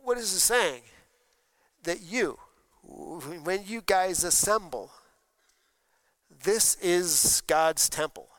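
A man's voice: high-pitched, lively intonation, extremely slow, long pauses, fairly bright tone, dry recording, rough recording. A man preaching a sermon as pastor, conversational and asking the congregation questions. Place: church sanctuary during a service.

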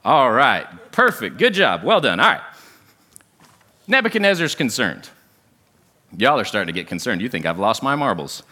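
A man's voice: mid-range voice, normal speed, long pauses. A man preaching a sermon, talking with the congregation and asking them questions. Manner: animated, talks with the congregation and asks questions often. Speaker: pastor. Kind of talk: sermon with audience interaction. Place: church sanctuary.

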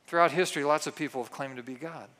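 Guy preaching a sermon, high-ish voice, animated, does little voices for quotes. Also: quick pace. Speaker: pastor.

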